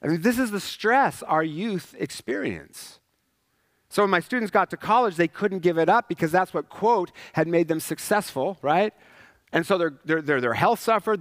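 A male pastor delivers a sermon in a casual, conversational manner and keeps checking in with the listeners. His voice is a little higher than most men's. The sound is dry and close, with no room echo. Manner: conversational, asks "right?" often, acts out characters.

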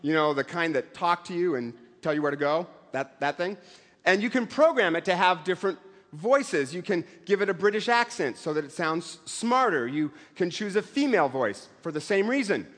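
A man's voice: sits high, animated, moderate pace, a bit bright. A middle-aged man preaching a sermon in a conversational way, with self-deprecating humor and acted-out voices. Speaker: pastor. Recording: long hall reverb.

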